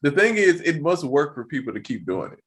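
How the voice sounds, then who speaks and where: A man co-hosting a podcast, talking in slangy, animated casual chat. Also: on the high side, fairly quick, husky. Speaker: podcast co-host.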